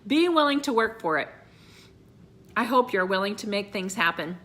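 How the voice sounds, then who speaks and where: A woman's voice: mid-range voice, animated, moderate pace, a bit bright. A middle-aged woman giving an earnest motivational talk to her sales team, repeating phrases, teary-eyed at times. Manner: earnest, repeats phrases, addresses viewers as you guys. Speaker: direct sales consultant.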